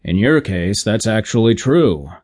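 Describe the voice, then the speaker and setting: A gruff, middle-aged station manager with an air of administrative authority, wary and blunt, as an audiobook narrator puts him on. His voice sits a little low, and he speaks in short, dry, businesslike lines. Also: sing-song, measured pace, darkish tone. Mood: wry. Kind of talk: audiobook character voice.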